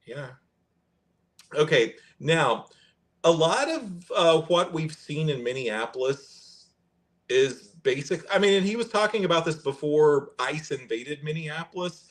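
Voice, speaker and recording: A man's voice: a little high, expressive. Conversational male podcast host. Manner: conversational, pauses and restarts while reading aloud. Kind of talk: reading and commenting on fact checks.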